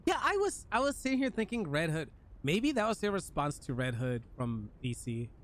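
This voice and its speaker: A man's voice: a little high, moderate pace, slight background noise. A male game streamer chatting casually and jokingly with his viewers while he plays. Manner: animated, joking, talks to chat while playing. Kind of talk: casual live-stream chat.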